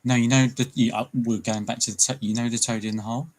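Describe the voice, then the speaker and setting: A man's voice: mid-range voice, little pitch movement, quick pace, poor audio. A British man chatting casually on a livestream, joking and laughing often. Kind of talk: casual chat.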